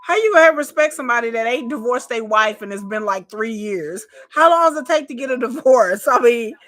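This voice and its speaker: A woman's voice: fairly high pitch, lively intonation, fairly quick, a bit bright. A woman giving casual reaction commentary on a reality show, chatty and repetitive, swearing and talking straight to her viewers. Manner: chatty, repeats herself, swears, addresses viewers as y'all.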